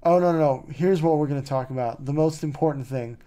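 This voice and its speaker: A man's voice: a little high, a little fast, dark tone. A man hosting a podcast, chatting casually and rambling with lots of "like" and "you know" and wry, mocking asides. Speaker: podcast host. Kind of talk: casual chat.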